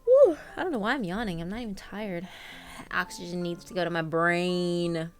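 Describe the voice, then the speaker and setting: A woman's voice: lowish voice, lively intonation, normal speed, darkish tone, soft background music. A young woman streamer chatting casually with viewers, reading out their names between lots of ums and laughs. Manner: chatty, reads out viewer names, filler-heavy. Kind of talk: casual live-stream chat.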